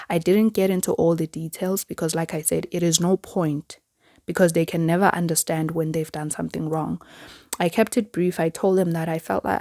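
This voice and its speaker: A woman's voice: fairly low pitch, no room sound, clean studio sound. A young woman from South Africa, hosting a podcast and telling a personal story in an earnest way, often saying "like" and acting out what others said. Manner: earnest, frequent "like" fillers, animated quoting. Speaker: podcast host.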